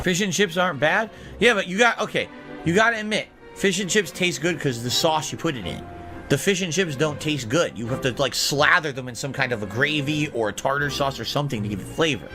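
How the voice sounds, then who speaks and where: High-voiced man ranting on stream. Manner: mocking, worked-up ranting. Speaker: streamer host. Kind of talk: casual live-stream chat.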